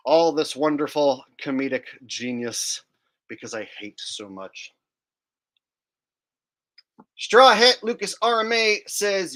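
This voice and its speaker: A man's voice: fairly high pitch, very animated, takes it slowly, long pauses, fairly bright tone. A man hosting casual comedic commentary, crude, sarcastic and mocking. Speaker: channel host.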